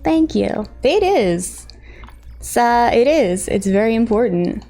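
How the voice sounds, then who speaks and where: High, lively-voiced woman streamer. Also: slow, faint music behind. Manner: chatty, greets viewers one by one, bursts of excitement. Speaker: live streamer. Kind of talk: casual live-stream chat with viewers.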